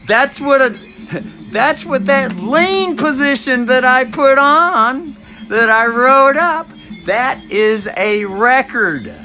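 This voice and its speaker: A man's voice: very high voice, expressive, slow pace, sharp tone, faint music behind. A man in his fifties, a navy veteran, talking to camera in a rambling monologue, musing, repeating his phrases and chuckling to himself.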